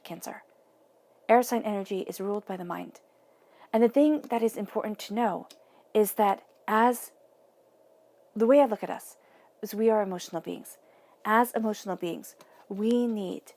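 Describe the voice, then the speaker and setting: A woman's voice: medium pitch, darkish tone. A woman giving a tarot reading, talking earnestly and directly to the viewer in a casual, conversational way. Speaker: tarot reader.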